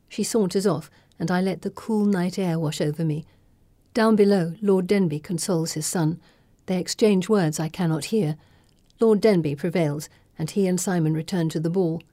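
Woman narrating with a dark, mellow voice. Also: fairly low pitch, dry recording. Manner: measured, dramatic reading. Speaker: audiobook narrator. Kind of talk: first-person scripted narration.

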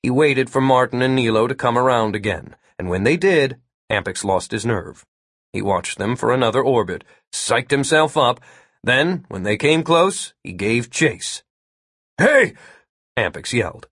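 A man narrating an audiobook in a lively, expressive storytelling manner. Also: medium pitch, moderate pace, breathy edge, no room sound, studio quality. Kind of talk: scripted narration.

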